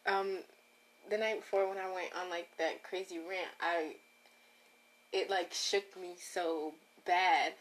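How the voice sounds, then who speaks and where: A woman's voice: lowish voice, fairly even intonation, slow. Woman rambling on her own podcast, keeps cutting herself off, chatty, talks right to the listeners. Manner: rambling, self-interrupting, talks straight to listeners. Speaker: podcast host. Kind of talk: casual solo podcast monologue.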